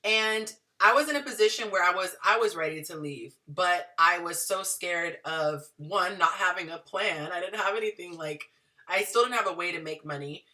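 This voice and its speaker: A woman in her thirties telling her story to viewers in a chatty, animated way. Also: lowish voice, moderate pace, recorded from a distance. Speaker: dating and relationship advice vlogger.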